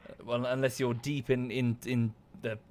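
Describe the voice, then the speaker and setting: A man's voice: mid-range voice, flat delivery, normal speed, darkish tone. A man from southern England with an Estuary English accent, talking casually while he plays a game on a livestream, thanking viewers by name and swearing under his breath at the game. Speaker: game streamer.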